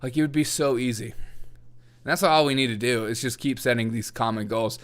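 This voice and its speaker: A male host delivers opinionated political commentary in a sarcastic, mocking tone. He laughs often as he talks, and his voice sits at an ordinary middle pitch. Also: fairly even intonation, fairly quick.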